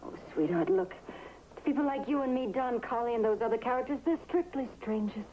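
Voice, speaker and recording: An actress plays an anxious wife who keeps scolding her husband. Her voice sits fairly high and comes through a dull, muffled old TV soundtrack with a little hiss. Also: animated, brisk, close to an everyday voice. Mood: fretful. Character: worried, sharp-tongued wife of a waiter. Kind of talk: 1960s TV drama acting.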